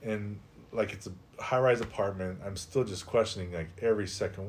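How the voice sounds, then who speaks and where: A middle-aged man, a guest on a podcast, telling a personal story in a lively, conversational way with lots of "like.". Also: sits low, brisk, slight background noise. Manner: animated, conversational, heavy use of "like". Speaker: podcast guest, life coach.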